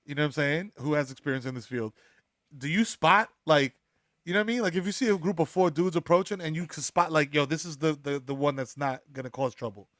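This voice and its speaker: A man's voice: a little high, fast, fairly bright tone, dry recording. Casting: easygoing New York man, podcast co-host, joking riffs, dry close sound. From the Bronx, New York. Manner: laid-back riffing, laughs often. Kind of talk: casual comedic chat.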